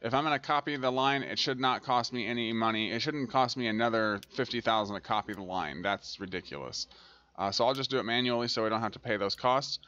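A man's voice: medium pitch, fast, sharp tone, muffled recording. A man hosting a let's-play, talking through a transport tycoon game and scolding it when things go wrong. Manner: grumbles and scolds the game aloud. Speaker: gaming channel host. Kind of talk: casual let's-play commentary.

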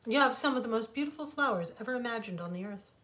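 Woman doing a gentle wise wind. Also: on the high side, expressive, quick pace. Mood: soothing. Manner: soft and soothing, firmer when scolding.

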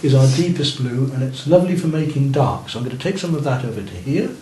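A man's voice: mid-range voice, lively intonation, fast talker, mellow. A man teaching a beginners' painting lesson, guiding and encouraging students in a classroom as he works. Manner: coaching and encouraging, checking on students' work. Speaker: art teacher. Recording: roomy room with faint noise.

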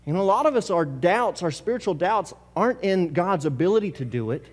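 A man's voice: high voice, fast talker, few pauses, big-room sound. A man preaching a sermon as pastor, talking casually and asking the congregation questions. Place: church sanctuary.

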